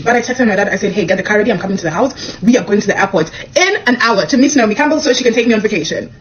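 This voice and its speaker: A young woman from Kenya, a comedian, telling a personal story to camera in a casual, animated way, acting out the dialogue. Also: dull audio, a little hiss or hum. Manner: animated, acts out the dialogue with quick pitch jumps.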